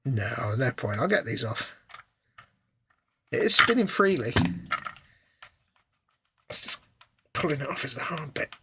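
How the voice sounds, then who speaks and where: Fiddling with parts of a model kit during a live stream, a British man mutters and pokes fun at himself in casual chat. His mid-range voice swings widely in pitch, and he's unhurried, pausing often. Keyboard clicks and loud background noise are audible.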